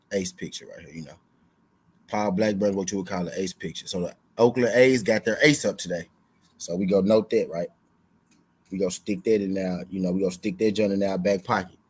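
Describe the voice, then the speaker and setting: Slangy low-voiced man hosting a betting stream. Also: breathy edge, poor audio. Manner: loose, slangy, repeats lines for emphasis. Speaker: sports betting show host. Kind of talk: casual live-stream chat.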